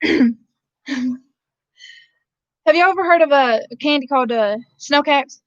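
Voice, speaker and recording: Here a Georgia-born vlogger with a Southern drawl chats with her live-stream viewers, reading their messages in a high voice at a slightly slow pace. Her talk rambles, broken up by frequent laughter between sentences. The recording is dry with the highs cut off.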